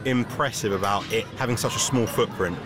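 A man presenting on location at an outdoor amusement park, excited and animated. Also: lowish voice, brisk, music in the background.

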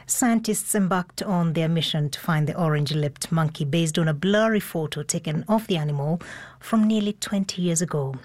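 A woman's voice: sits low, normal speed, a little mellow. A woman presenter reading a scripted news report.

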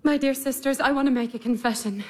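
An actress playing a passionate sister who urgently confesses a secret love. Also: female voice, sits high, fairly even intonation, fast talker, a little mellow, natural voice. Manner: urgent, intense. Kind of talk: stage drama acting.

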